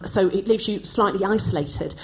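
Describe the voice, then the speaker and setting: A woman in her forties, from Australia, hosting with an animated, self-mocking stand-up monologue on a live stage. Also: mid-range voice, a little hiss or hum, rough recording. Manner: animated, self-mocking storytelling with quick asides. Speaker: host. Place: live stage before an audience.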